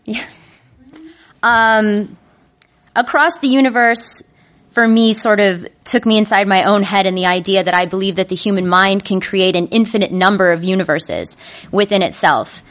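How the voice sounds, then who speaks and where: A woman telling a comedic personal story to a live audience, animated and self-mocking. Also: medium pitch, moderate pace. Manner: animated, self-mocking, breaks into panicked inner voices.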